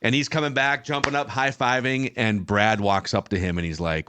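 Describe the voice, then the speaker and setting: A man's voice: on the low side, fairly even intonation, noisy background. A man hosting a sports podcast, reading listener questions and recalling stories from covering a team. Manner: measured storyteller, reads listener questions. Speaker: podcast host, reporter. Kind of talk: casual chat.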